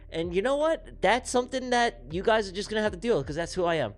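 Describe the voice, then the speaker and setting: A man's voice: sits high, lively intonation, fast talker. Rambling, affectionate male stream host. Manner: rambling, affectionate, repeats himself. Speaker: trading livestream host. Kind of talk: casual live-stream chat.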